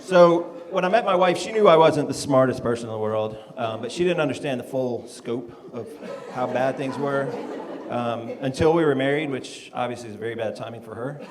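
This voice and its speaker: A middle-aged male comedian on a club stage, talking in a relaxed, self-mocking way and scattering ums between his punchlines. His mid-range voice rings with a long reverb, and a steady hiss of noise sits under the live recording. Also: mid-range voice, moderate pace. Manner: self-deprecating, laid-back with frequent ums. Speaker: stand-up comedian. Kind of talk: stand-up comedy set.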